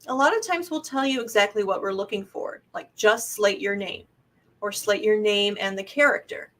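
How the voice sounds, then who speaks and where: A woman casting director co-hosting a podcast, giving relaxed advice with easy fillers and laughs. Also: medium pitch, moderate pace. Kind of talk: casual podcast chat.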